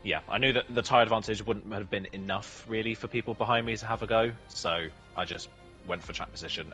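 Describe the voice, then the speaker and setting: A man with a low, bright voice talks through his race in a relaxed post-race interview, laughing between answers. Faint music plays underneath. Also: low-quality recording. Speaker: racing driver, championship leader.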